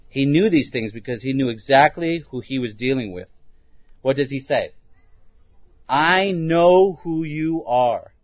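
A man's voice: medium pitch, dry recording, muffled recording. A man preaching a sermon, putting rhetorical questions to his listeners and restarting words as he thinks aloud.

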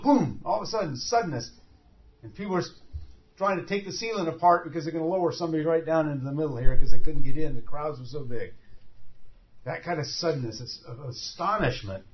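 A man's voice: a little high, fairly quick. A man preaching a sermon, telling the story vividly and acting out the scenes as he goes. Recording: dull lo-fi recording.

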